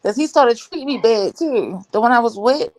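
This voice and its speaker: A woman's voice: on the high side, animated, moderate pace, darkish tone, no echo. A woman co-hosting a livestream chat, blunt and teasing, with slangy talk. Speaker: livestream co-host. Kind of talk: casual chat.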